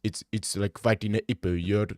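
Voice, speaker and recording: A man's voice: fairly low pitch, steady tone, moderate pace, no room sound, clean studio sound, close to an everyday voice. A man putting on a swaggering South African bloke. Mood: boasting. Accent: put-on South African. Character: brash young South African man boasting.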